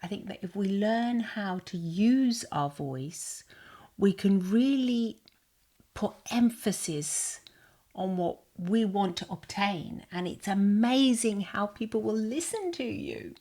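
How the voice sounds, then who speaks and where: A middle-aged woman from England co-hosting a podcast in casual chat, reflective and at times softly hushed. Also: medium pitch, expressive, slow pace. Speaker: podcast co-host.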